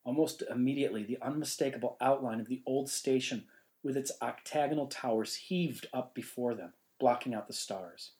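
A man reading a ghost story in measured, suspenseful narration. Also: medium pitch, a little mellow, rough recording. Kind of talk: scripted narration.

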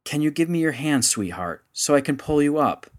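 A man voicing an older man named Charlie, pleading and shouting desperately during a rescue. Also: fairly high pitch, expressive, moderate pace, pitched above the performer's own voice, close to an everyday voice. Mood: urgent, coaxing.

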